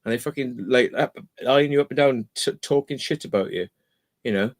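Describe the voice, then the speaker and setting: A man's voice: mid-range voice, normal speed. Blunt, sweary Welsh man. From Wales. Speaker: podcast host. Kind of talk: casual chat.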